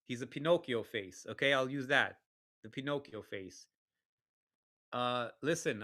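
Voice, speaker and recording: A man's voice: medium pitch, pushed and bright. A man co-hosting a talk show, ranting bluntly and cursing as he gives heated political commentary. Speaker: podcast co-host.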